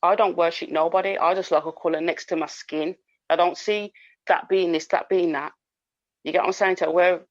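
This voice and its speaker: A woman's voice: lowish voice, dry recording. A woman co-hosting a podcast, talking emphatically and repeating her points in casual chat. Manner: emphatic, talks over others, repeats points. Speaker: podcast co-host. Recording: dull lo-fi sound.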